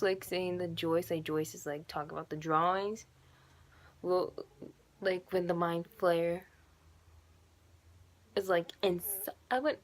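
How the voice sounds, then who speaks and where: Gushing young woman rambling in a vlog. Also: mid-range voice. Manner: rambling, gushing, filler-heavy. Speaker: YouTuber. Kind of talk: casual fan vlog.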